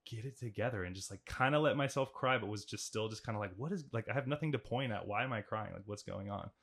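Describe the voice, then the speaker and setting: A man's voice: fairly low pitch, fairly bright tone. Rambling young man hosting a podcast. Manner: rambling, many fillers and restarts. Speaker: podcast host, athlete. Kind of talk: casual conversation.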